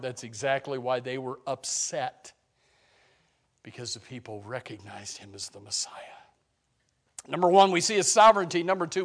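A man preaching a sermon as pastor, swinging between loud declarations and hushed, low lines, asking his congregation rhetorical questions.

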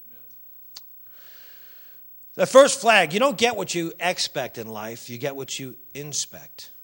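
A man preaching a sermon, emphatic and animated, addressing the congregation directly. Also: on the high side, measured pace.

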